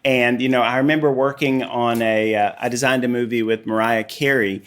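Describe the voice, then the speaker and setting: A man with a Tennessee Southern accent chats as a podcast guest, easing through stories with plenty of you-knows. His voice sits at an ordinary middle pitch for a man. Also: fairly quick. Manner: relaxed storyteller, many you-knows. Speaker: artist and guest. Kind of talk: casual interview chat.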